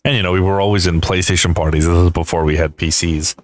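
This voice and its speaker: A man's voice: low voice, fairly even intonation, fast, dry recording. A man co-hosting a casual podcast, telling crude stories with laughter and sudden mock singing. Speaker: podcast co-host.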